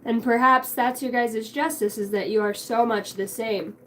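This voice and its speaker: Emotional rambling young woman, higher voice. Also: steady tone, moderate pace, a bit bright, low-quality recording. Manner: emotional, rambling, swears casually. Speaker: tarot card reader. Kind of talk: spiritual card reading monologue.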